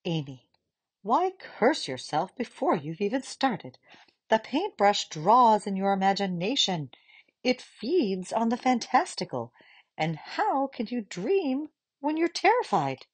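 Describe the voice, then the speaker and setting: A woman reading aloud voices a firm, kindly old grandmother who speaks in a hushed, coaxing way. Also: mid-range voice, very animated, takes it slowly, breathy edge, pitched above the performer's own voice, full character voice. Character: firm, warm-hearted old grandmother, caged.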